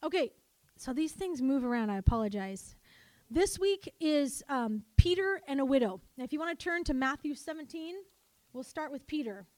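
High-voiced woman preaching a lively sermon. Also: normal speed, dry recording. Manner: animated, calls for congregation responses. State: coughing, choked up.

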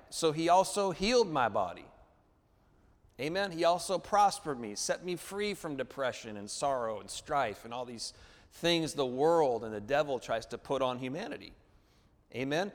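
A man preaches in a church sanctuary, his fairly high voice ringing through a long hall echo. He keeps asking for amens and calls for the congregation to say lines back. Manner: call-and-response preaching, asks for amens. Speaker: pastor. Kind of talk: sermon.

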